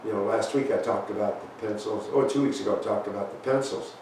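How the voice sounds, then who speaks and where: A man giving a children's talk in church, folksy and halting, reading a storybook. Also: on the low side, a little mellow, slight background noise. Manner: folksy, halting, many fillers. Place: church sanctuary. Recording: echoey church from far off.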